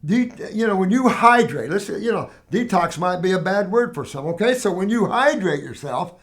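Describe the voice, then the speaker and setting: Older male host, higher register, casual rambling storyteller. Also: normal speed. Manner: rambling, animated storytelling with restarts and acted quotes. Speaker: herbal health show host answering questions. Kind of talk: casual Q&A talk.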